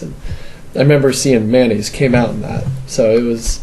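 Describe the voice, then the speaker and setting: A man's voice: medium pitch, flat delivery, brisk, dark tone, a little hiss or hum, poor audio. Blunt, profane man telling stories. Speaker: podcast guest. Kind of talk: casual chat.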